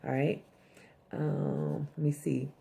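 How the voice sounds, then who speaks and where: This TV episode reviewer has a low, mellow, creaky voice with little pitch movement, and she speaks slowly. Her recap is casual and blunt, full of swearing, and she drops into the characters' lines along the way.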